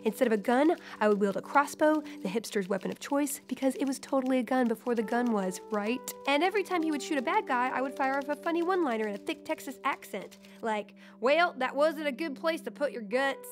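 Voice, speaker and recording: High-voiced quirky woman vlog host. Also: expressive, fast talker, few pauses, music in the background. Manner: quirky, playful, jokey asides. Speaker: web show host. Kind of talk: upbeat scripted vlog.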